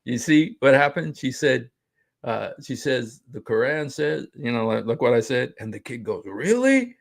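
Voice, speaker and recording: A middle-aged man with a gravelly, creaky edge to his voice talks in a casual, excited way, laughing as he goes. His pitch sits in an ordinary middle range, and he keeps restarting his sentences as he retells what happened. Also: moderate pace. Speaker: street preacher recounting an outreach encounter. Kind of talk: casual talk over a played clip.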